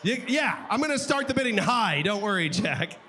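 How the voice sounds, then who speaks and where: A man working as an auctioneer at a gala, calling bids in a rapid chant and often shouting. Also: high voice, sing-song, some chatter behind, slight background noise. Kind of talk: live charity auction calling. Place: gala event hall.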